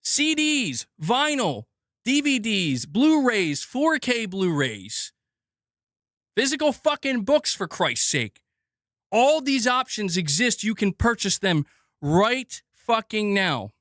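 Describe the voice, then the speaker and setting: Male streamer, high voice, sarcastic and heated profane rant, dry close sound. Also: sing-song, slow, fairly bright tone, no room sound. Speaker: gaming news streamer. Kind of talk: livestream rant.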